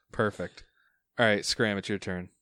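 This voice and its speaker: A man runs a tabletop game as its game master, his voice sitting a little low. He describes the action in an easy, chuckling way, and the sound is dry with no room around it. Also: dry recording. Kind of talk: running a tabletop game over chat.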